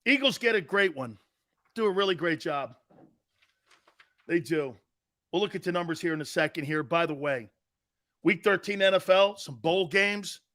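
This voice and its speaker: A man's voice: sits high, expressive, normal speed, long pauses, fairly bright tone. A man hosting a sports talk show, ranting in a mocking, combative way and laughing at his own jokes. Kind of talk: brash sports talk rant.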